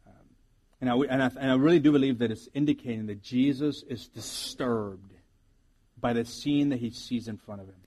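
A man's voice: mid-range voice, moderate pace, darkish tone. A man preaching a sermon as pastor, earnest and reflective, often restarting his sentences.

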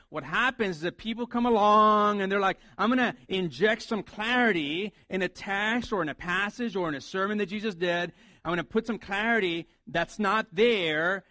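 A male pastor preaching a sermon in a high voice. He talks in a casual, conversational way and acts out the lines he quotes. The sound is dry and close, with hardly any room echo. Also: bright, forceful tone.

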